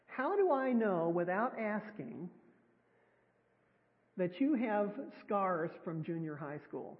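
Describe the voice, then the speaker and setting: A woman preaching a sermon in a church sanctuary, chatty and wryly self-deprecating. Her voice sits at an ordinary middle pitch. The sound is thin and phone-like, with a long reverb trailing behind her. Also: big pitch swings, takes it slowly. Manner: conversational and self-deprecating, with wry humor. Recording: tinny, echoey hall sound.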